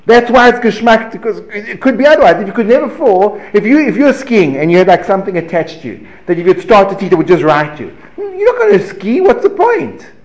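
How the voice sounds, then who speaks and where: A man giving a lively Torah class, asking rhetorical questions, breaking off mid-phrase and chuckling as he teaches. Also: high voice, fast, few pauses. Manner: animated, rhetorical questions, self-interrupting and chuckling. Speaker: religious teacher. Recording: echoey room.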